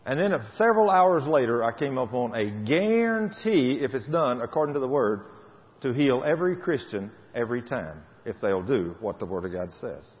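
A man delivers a testimony sermon as a story, his voice rising loud and then dropping quiet. He has a medium pitch. A long hall reverb trails behind the dull, lo-fi sound. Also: big pitch swings, moderate pace. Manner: dramatic, storytelling, swings between loud and soft. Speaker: preacher giving a testimony.

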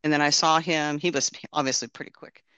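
A man's voice: a little high, steady tone, brisk, sharp tone, clean tone, no room sound. Earnest man telling a rambling testimony. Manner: earnest, rambling storyteller with frequent restarts. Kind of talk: casual testimony and prayer.

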